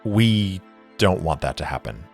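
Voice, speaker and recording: A man voicing a calm, guarded female spacefarer in a tabletop game, speaking in a measured way. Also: low-pitched, vocal fry, faint music behind, exaggerated voice. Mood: earnest.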